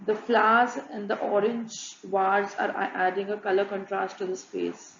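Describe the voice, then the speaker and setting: A woman narrating a student design presentation, listing examples in a flat, repetitive way. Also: medium pitch, normal speed, a little hiss or hum. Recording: muffled, echoey room with faint ambience.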